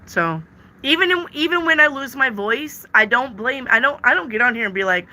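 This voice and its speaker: Her voice is high, expressive, and sharp, moving at a moderate pace as she reads tarot on a live stream. She voices viewers' questions, then answers them in casual chat, emphatically repeating words for stress.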